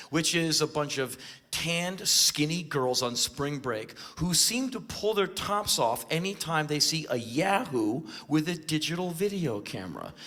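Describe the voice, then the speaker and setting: Bright-voiced ranting man on stage. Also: mid-range voice. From United States. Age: 40s. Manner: ranting, sardonic, bursts into shouted impressions. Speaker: spoken word performer. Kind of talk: live spoken word comedy. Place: live stage before an audience.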